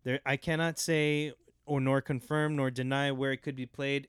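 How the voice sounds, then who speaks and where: A man's voice: medium pitch, little pitch movement, moderate pace, clear, resonant tone. A man co-hosting a podcast in casual chat, laid-back, repeating phrases and laughing often. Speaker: podcast co-host.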